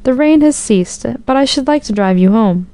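Woman doing a kind teasing emperor, warm smooth voice, no echo. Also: on the high side, animated, normal speed, natural voice. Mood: kindly teasing. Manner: playful, indulgent, teasing. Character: kindly amused old-world male emperor.

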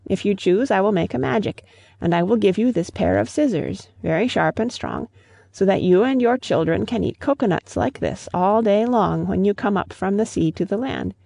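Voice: medium pitch, normal speed, creaky, darkish tone, no room sound, studio quality. A reader voicing a small, generous girl. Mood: offering.

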